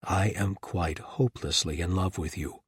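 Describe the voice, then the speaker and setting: A gallant paladin with a dry, teasing wit and a deep, husky voice, as a male narrator plays him. His lines sound close and dry, with no room around them. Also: normal speed, no room sound. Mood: wry. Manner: dry, teasing, formal phrasing.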